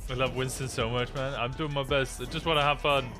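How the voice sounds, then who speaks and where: A man's voice: mid-range voice, steady tone, brisk, over music. A man streaming a game roleplay as a police officer, upbeat and chatty, often repeating himself as he talks to players and viewers.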